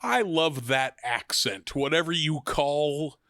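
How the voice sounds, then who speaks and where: A man in his thirties co-hosting a podcast in relaxed, rambling chat, swearing freely and poking fun at himself. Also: on the high side, slow, no room sound, clean studio sound. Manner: swearing, rambling, self-mocking. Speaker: podcast co-host. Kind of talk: casual chat.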